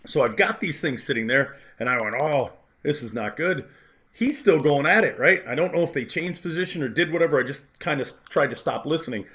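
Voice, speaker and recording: A male podcast host tells a long story in a loose, rambling way. His voice sits slightly high, and he talks frankly and animatedly, packed with fillers. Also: expressive, fast, few pauses, a bit bright. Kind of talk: casual storytelling.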